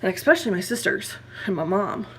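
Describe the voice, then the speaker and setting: A woman's voice: mid-range voice, lively intonation, fairly quick, a bit bright, slight background noise. A young woman talks candidly in a personal vlog. She rambles and corrects herself. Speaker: vlogger.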